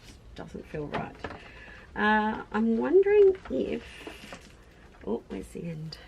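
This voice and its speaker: Unhurried Australian crafter, middle-aged, gravelly tone, chatty and self-amused as she thinks aloud. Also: medium pitch, huge pitch swings, a little mellow, slight background noise. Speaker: craft YouTuber. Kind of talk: casual crafting narration.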